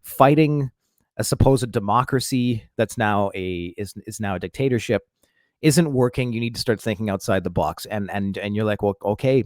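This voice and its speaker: A man's voice: fairly low pitch, moderate pace, no room sound, clean studio sound. A man rambling to his viewers in a casual monologue, swearing, stumbling over restarts and fillers, and mocking himself as he goes. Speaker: vlogger.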